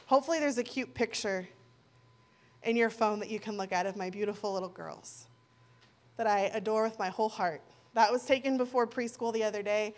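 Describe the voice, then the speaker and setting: A woman in her thirties preaching a sermon in a conversational way, acting out quoted dialogue as she goes. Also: fairly high pitch.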